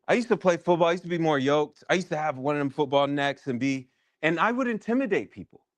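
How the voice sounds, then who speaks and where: In a dry recording, a man with a deep voice and lively intonation leads a workshop, recounting a candid personal story. His telling is thoughtful and halting, full of restarts.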